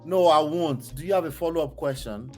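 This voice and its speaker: A man's voice: a little high, a little fast, soft background music. A man with a Nigerian accent hosting a heated panel debate, pressing his points by repeating them. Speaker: host.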